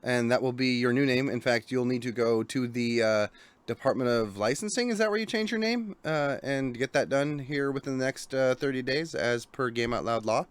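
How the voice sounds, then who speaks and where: A man's voice: mid-range voice, normal speed, no room sound. A man hosting a gaming podcast, chatting casually in a jokey, rambling, self-deprecating way. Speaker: podcast host. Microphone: studio microphone.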